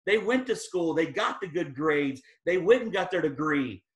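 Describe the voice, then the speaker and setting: A man giving an energetic motivational talk as guest speaker, telling his story with emphatic peaks. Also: fairly high pitch, moderate pace. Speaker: guest speaker at team training. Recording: echoey room.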